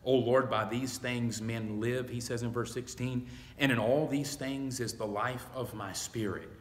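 Male pastor at mid pitch, preaching with slow weight, recorded from off in an echoing sanctuary. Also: fairly even intonation. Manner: slow, emphatic preaching, reading scripture aloud. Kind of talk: Bible study sermon. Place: church sanctuary.

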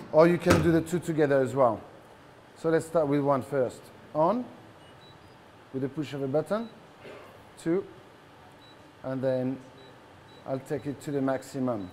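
A man's voice: fairly high pitch, slight background noise. A man with a French accent giving a live cooking demonstration, playful and joking with his audience as he cooks. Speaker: chef. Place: live event in front of a large audience.

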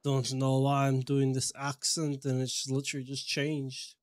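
A man's voice: mid-range voice, completely flat delivery, measured pace, no room sound. A man casually commentating his game playthrough, slangy and jokey, swearing freely.

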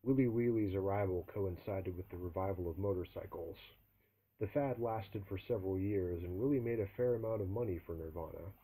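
A man reading a novel aloud in the first person, with dry, measured storytelling. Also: low voice, mellow, husky, poor audio. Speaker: audiobook reader.

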